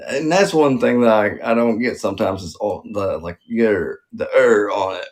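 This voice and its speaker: A man's voice: fairly low pitch, moderate pace. A man hosting a casual comedy chat, loose, crude and rambling. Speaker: comedian host.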